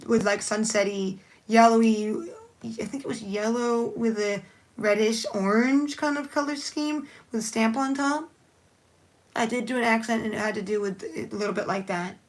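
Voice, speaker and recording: A woman's voice: a little high, moderate pace. A woman chatting casually on a live stream while doing her nails, rambling and thinking aloud as she works. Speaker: nail art livestreamer.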